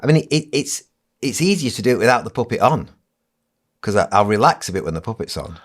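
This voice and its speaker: A man's voice: lowish voice, sing-song, a little fast. A middle-aged man, a ventriloquist, chatting casually in an interview with many restarts. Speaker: ventriloquist and entertainer, guest.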